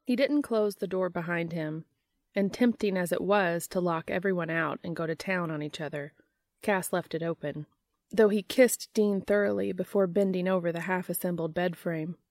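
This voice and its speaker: A woman narrating an audiobook in an even, unhurried manner. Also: fairly low pitch, dry recording, clean studio sound. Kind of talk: audiobook reading.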